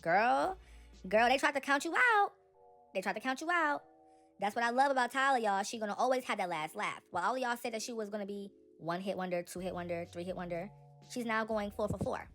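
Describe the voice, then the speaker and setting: A young woman giving casual, animated celebrity gossip commentary, talking straight to her viewers. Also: fairly high pitch, brisk, soft background music.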